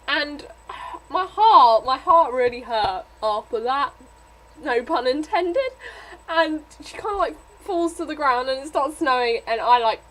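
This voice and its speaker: A woman's voice: sits high, a bit bright, low-quality recording. A young woman reviewing a book in a casual vlog, rambling with many fillers and getting emotional. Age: young adult.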